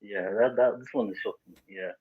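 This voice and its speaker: Halting male caller, low and husky, over a tinny phone line. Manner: hesitant, halting, many fillers. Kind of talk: phone call.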